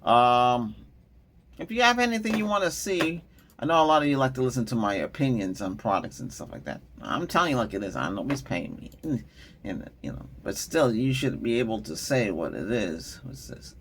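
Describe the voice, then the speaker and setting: A man's voice: mid-range voice, sing-song, brisk, fairly bright tone, a little hiss or hum. A middle-aged man hosting a tech channel, chatting casually and rambling, often laughing and trailing off mid-thought. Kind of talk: casual rambling vlog chat.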